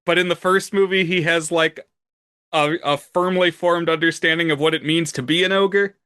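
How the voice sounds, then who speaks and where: A man co-hosting a film podcast, explaining things in a measured, orderly way during casual chat. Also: on the high side, fairly even intonation, pushed and bright, clear, resonant tone, dry recording, clean studio sound. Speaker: podcast co-host.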